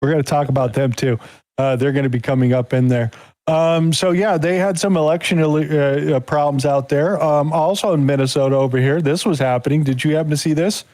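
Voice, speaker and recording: A man's voice: on the high side, fairly quick, a little mellow, no echo, poor audio. A man hosting a live podcast, talking politics in a rambling, casual way with lots of fillers. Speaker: podcast host.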